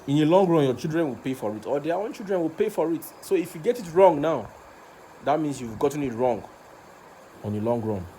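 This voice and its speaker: A man's voice: a little high, expressive, a little fast, mellow, a little hiss or hum. A man with a Nigerian accent, recording a passionate rant video, repeating himself and stumbling over words as he gets worked up. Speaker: vlogger.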